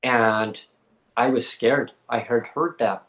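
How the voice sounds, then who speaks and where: A man, a podcast guest, telling a story in an animated way and acting out the voices in it. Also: mid-range voice, takes it slowly, poor audio. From Canada. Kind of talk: casual storytelling.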